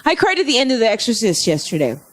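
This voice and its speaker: A woman comedian chatting casually on a podcast, telling stories in an animated, rambling way and swearing freely. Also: fairly high pitch, fast. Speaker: guest comedian.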